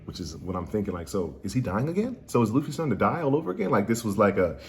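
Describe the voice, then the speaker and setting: Slangy, excitable man recapping spoilers. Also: fairly low pitch, racing, hardly any pauses. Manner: slangy, excitable, jokey asides. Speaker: anime channel host. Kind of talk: casual manga spoiler recap.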